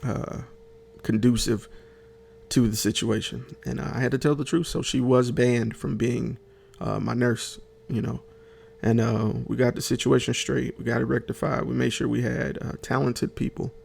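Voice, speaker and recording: A man's voice: mid-range voice, flat delivery, moderate pace, gravelly, a little mellow, a little hiss or hum. A man hosting a podcast, telling a comic story in a rambling, chatty way, full of fillers and talking straight to his listeners. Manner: chatty, addresses listeners directly; rambling with many fillers and restarts. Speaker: podcast host.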